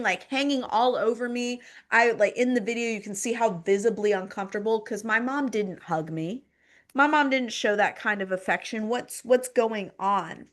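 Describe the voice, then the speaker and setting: A woman's voice: on the high side, moderate pace, fairly bright tone. A woman guest on a podcast telling her personal story in conversation, rambling with many fillers and repeating phrases for emphasis. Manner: rambling, filler-heavy speech with frequent "like" and "um".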